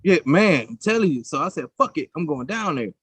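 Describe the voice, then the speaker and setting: A man co-hosting a podcast, telling stories with a cursing, animated delivery in casual chat. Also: fairly high pitch, brisk, breathy edge, no room sound. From United States. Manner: profane, animated storytelling. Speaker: podcast co-host.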